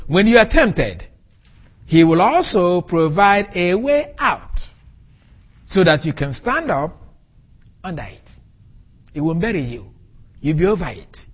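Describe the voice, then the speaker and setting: A man preaching a sermon, teaching from the Bible and explaining Greek words with an animated delivery. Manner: animated, rises and falls sharply in pitch and loudness.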